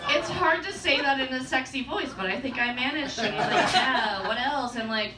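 A woman stand-up comedian telling a story in an animated, self-deprecating way, full of quick asides. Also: sits high, loud music behind the voice. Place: comedy club stage. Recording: echoey club, distant mic, noisy.

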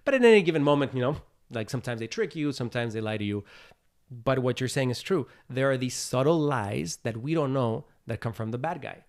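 At a brisk clip and medium pitch, a male podcast guest lays out his opinions in a relaxed interview. He's earnest and animated, slipping into small acted-out voices as he tells his stories.

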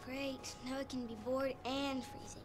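A woman's voice: sits high, flat delivery, unhurried, a crowd in the background. An actress voicing a bored, lonely young girl in a video game. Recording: game audio with music behind.

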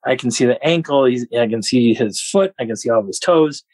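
A man guest on a podcast, telling a story in an animated way and laughing often. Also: mid-range voice, brisk, breathy edge, no echo, low-quality recording. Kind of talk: storytelling an encounter.

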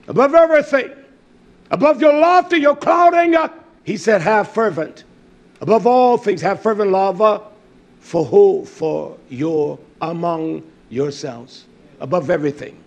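A man preaching a sermon, emphatic and repetitive, with sudden shouted bursts. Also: high-pitched, animated, measured pace, long pauses.

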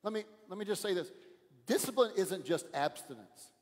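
A male pastor preaching a sermon in a church, pressing his points hard and often dropping his voice low. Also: expressive, moderate pace, in a large hall. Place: church sanctuary.

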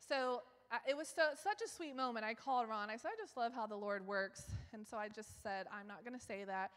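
A woman preaches in a chatty, self-mocking way, laughing often and rising to loud exclaims. Her voice sits a little high. Long church hall reverb trails after each phrase. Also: brisk. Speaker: guest preacher. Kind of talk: sermon. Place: church sanctuary.

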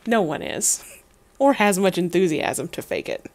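A woman's voice: on the low side, very animated, unhurried, a little mellow. A young adult woman streaming, reading a game's text aloud with wry, laughing asides and casual swearing.

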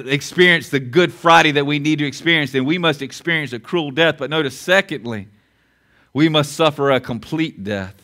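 A man preaching a sermon in a church, his voice pitched high and bright. He hammers points home by repeating them, swinging from forceful emphasis down to quiet intensity. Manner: emphatic preaching with repeated lines and sharp drops in volume. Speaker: pastor. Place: church auditorium.

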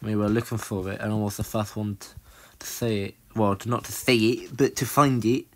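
A young man giving rambling, excitable commentary while playing a video game. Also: a little fast. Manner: excitable, rambling, jumps to high squeals. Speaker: gaming channel host. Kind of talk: casual let's-play commentary.

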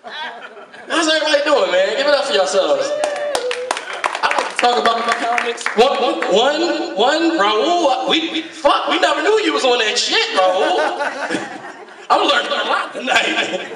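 Man doing stand-up, high voice, swoops all over, profane, laughing, echoey room, far from the mic, crowd laughing. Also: unhurried. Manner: animated and profane, often laughing mid-line. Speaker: stand-up comedian. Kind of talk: stand-up comedy set. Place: room at a recovery meeting. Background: audience laughter.

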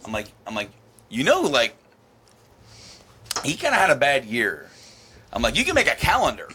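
A man's voice: medium pitch, wildly swooping pitch, normal speed, sharp tone, slightly rough. A man on a podcast telling a long story in casual chat, acting out the quotes and laughing at them. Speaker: podcast host.

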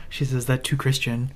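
Podcast co-host, dry wry critique, hesitant, mid-pitched. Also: slight background noise. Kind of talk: casual book-discussion podcast.

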